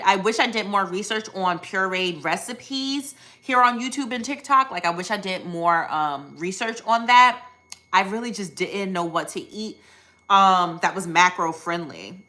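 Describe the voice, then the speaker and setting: Chatting with viewers on her live stream, a young US weight loss surgery vlogger answers questions in an upbeat, talkative way, often saying um and correcting herself. Her mid-range voice is measured in pace, with a pushed, bright tone.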